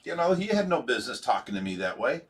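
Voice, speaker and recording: A man's voice: mid-range voice, big pitch swings, quick pace, a little hiss or hum. A man hosting a livestream, talking bluntly and speaking his mind in casual chat. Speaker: livestream host. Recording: voice from away from the mic.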